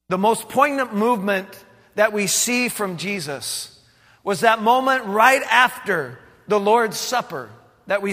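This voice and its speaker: A male pastor tells a Bible story from the pulpit with animated drama and plenty of restarts. His voice sits high and sounds bright and forceful. A long hall reverb trails behind him in the church sanctuary. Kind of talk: sermon storytelling.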